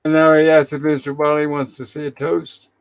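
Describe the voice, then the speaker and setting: A man's voice: a little high, monotone, brisk, smooth, lo-fi sound. A man hosting a casual show, retelling an episode's scenes in an easygoing way and reading characters' lines aloud. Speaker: host.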